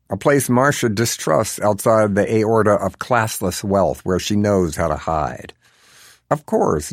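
A man's voice: on the low side, creaky, no room sound, studio quality. A man narrating a story in a wry, sardonic manner. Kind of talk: audiobook narration.

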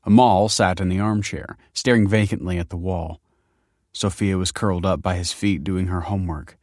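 A male audiobook narrator with a very low, deep voice, reading in a measured, steady way. The sound is close and dry, with no room around it. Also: no echo. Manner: measured, even storytelling delivery. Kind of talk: scripted narration.

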